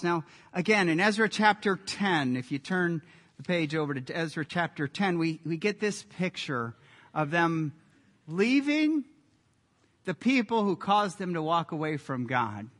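A man preaching a sermon as a pastor, earnest and emphatic, building to loud peaks. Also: sits high. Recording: echoey hall reverb.

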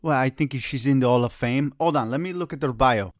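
A man with a foreign accent, calm and drily skeptical, co-hosting a casual soccer chat. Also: mid-range voice, a little fast, no room sound, studio quality. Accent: non-American. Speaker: soccer podcast co-host.

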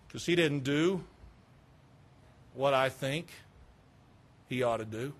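A man's voice: on the high side, unhurried, pauses often. A middle-aged man from the American South preaching a sermon in a candid, conversational way, with confessional asides. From Southern United States. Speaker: pastor.

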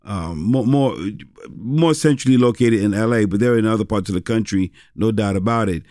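Middle-aged pastor, rambling and dry. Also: male voice, on the low side, normal speed, mellow, dry recording. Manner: rambling, many restarts and fillers. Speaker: pastor and former rapper. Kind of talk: casual interview storytelling.

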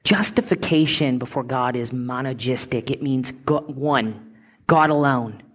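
A woman pastor preaching a sermon in an earnest, emphatic way, slowing on key words and sometimes dropping to a hushed whisper. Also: a bass voice.

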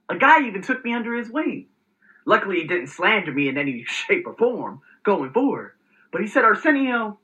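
A man hosting his own motivational vlog, talking with energetic, emphatic delivery and some salty language. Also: high-pitched, dull audio. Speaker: host.

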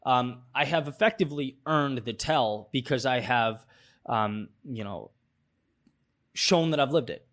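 A man with a mid-pitched voice speaks as a podcast guest. He thinks aloud with many fillers and restarts, in an easy conversational way. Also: expressive, takes it slowly, a bit bright. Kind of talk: casual interview talk.

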